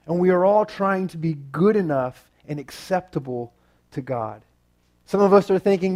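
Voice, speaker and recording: A man giving a youth sermon, telling a personal story in an animated way with frequent "right?" asides to the audience. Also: fairly high pitch, normal speed. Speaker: youth pastor.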